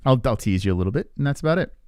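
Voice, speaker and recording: A man's voice: medium pitch, animated, rapid-fire, mellow, clean tone, no room sound, studio quality. A man hosting a live stream, chatting casually and teasing his chat with lots of swearing. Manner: profane, teasing, rambling with restarts.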